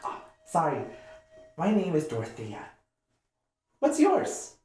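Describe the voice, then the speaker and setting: A man's voice: fairly high pitch, huge pitch swings, slow, dark tone, distant mic, voice pushed up, exaggerated voice. Figure: a man putting on a tiny bubbly half-orc girl. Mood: cheerful. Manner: bubbly, eager, friendly. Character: tiny cheerful teenage female half-orc. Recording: echoey room.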